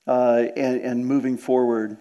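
A man's voice: mid-range voice, level tone, measured pace, dark tone. A man preaching a sermon in a church, earnest and direct, often repeating words and asking the congregation questions. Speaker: pastor.

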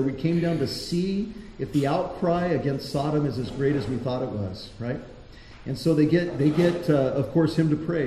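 Here a pastor's slightly high, warm voice carries a sermon delivered like a conversation, full of rhetorical questions for the people listening. It was recorded in a church hall, so there's a roomy echo and some faint noise.

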